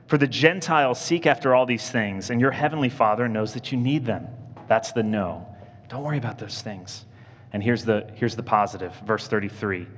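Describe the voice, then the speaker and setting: Priest preaching in a reverberant church. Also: male voice, moderate pace. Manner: animated storytelling, jumping high when quoting others. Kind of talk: sermon.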